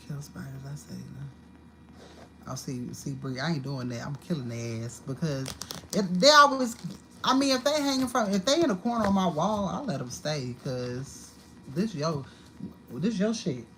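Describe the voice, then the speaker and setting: A woman's voice: low voice, lively intonation, a little slow, a little hiss or hum, low-quality recording. A woman giving a live-streamed tarot card reading at home, talking in a blunt, profane and repetitive way. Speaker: tarot reader. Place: home apartment.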